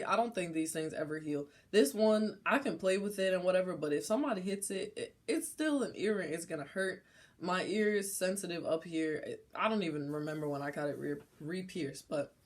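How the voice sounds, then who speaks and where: A young adult woman vlogger telling a personal story in a casual, slangy, animated way. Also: lowish voice.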